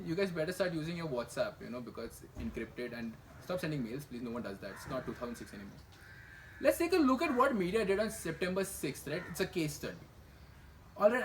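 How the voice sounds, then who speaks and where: A young man delivers a comedy news monologue in a fairly high voice. His pitch swings widely as he tosses off sarcastic asides and rhetorical questions. A faint hiss sits under the recording. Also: poor audio. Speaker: comedy news show host.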